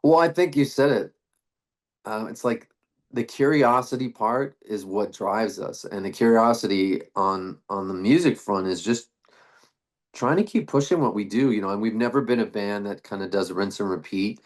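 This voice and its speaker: A man's voice: fairly low pitch, moderate pace. A middle-aged man, a band frontman, talking casually in an interview, rambling with restarts and fillers. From Canada.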